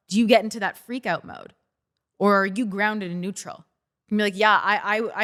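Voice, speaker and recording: A woman hosts a self-help podcast in a relaxed, conversational coaching manner. She speaks straight to her listeners and now and then acts out their excited reactions in quick quoted asides. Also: mid-range voice. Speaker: podcast host. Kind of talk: casual self-help talk.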